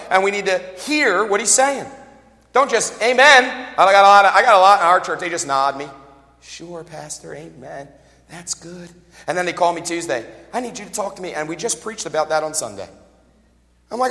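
Man, pastor, middle-aged, animated sermon, high bright voice, long hall reverb. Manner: animated preaching with asides and quoted voices. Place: church.

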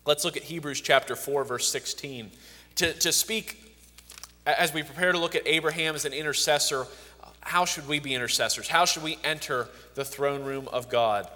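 A man with a high, light voice delivers a sermon. He reads the scripture with building emphasis and often restarts a phrase before pressing on. His voice trails off in the long reverb of a large hall. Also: moderate pace, pushed and bright. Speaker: preacher.

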